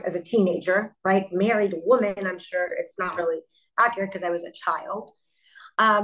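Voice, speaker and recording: A middle-aged woman, a company founder, speaking as a guest in an interview and telling stories in an animated way with quick asides. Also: mid-range voice, poor audio. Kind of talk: interview conversation.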